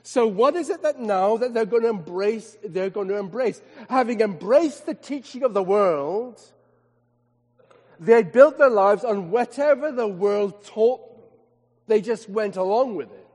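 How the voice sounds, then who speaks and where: A man, a vicar preaching a sermon with emphatic rhetorical questions and slowed words for stress. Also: high-pitched, animated, darkish tone. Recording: long hall reverb.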